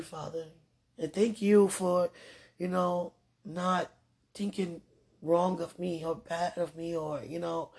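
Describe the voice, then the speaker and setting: A woman's voice: low voice, creaky, darkish tone, breathy edge. A woman speaking casually and earnestly to her partner, rambling with restarts, religious phrasing and frequent laughter. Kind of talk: casual heartfelt talk.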